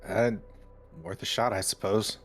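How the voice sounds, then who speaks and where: A man playing a tabletop game, thinking out loud and suggesting plans in a low-key way. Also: fairly even intonation, a little slow. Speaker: player. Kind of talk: casual game chat.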